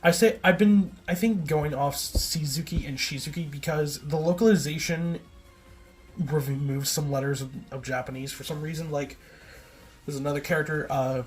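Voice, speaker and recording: A man with a slightly high voice and fairly even intonation gives a rambling recap at a moderate pace as a video essayist. His delivery is casual and filler-heavy, with frequent self-corrections and lots of "like" and "um."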